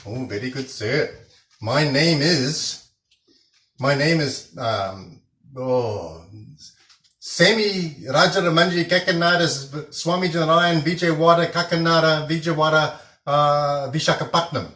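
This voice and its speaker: A man's voice: fairly high pitch, unhurried, sharp tone, roomy sound, pitched above the performer's own voice. A man voicing an eager, overly formal man on a train, polite and drawn out, stumbling over syllables. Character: eager formal man on a train, proud of his long name.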